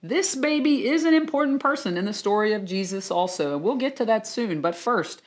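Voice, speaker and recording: A woman's voice: medium pitch, animated, a little fast, close to an everyday voice. A woman playing a co-reporter in a church skit for children, with a conversational mock-newscast delivery. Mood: lively. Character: lively female co-reporter.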